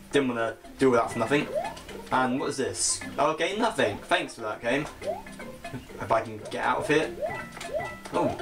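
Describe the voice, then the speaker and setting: A young British man chatting casually as he plays a video game, self-mocking and quick to laugh at his own slips. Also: mid-range voice. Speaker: gaming channel host. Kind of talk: casual let's-play commentary. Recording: game music playing behind the voice.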